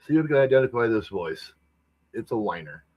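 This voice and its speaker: Guy hosting, quiet offhand comments between tapes, kinda husky. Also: mid-range voice, very animated, a little fast, lo-fi sound. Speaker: host playing tapes. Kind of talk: casual commentary over tapes.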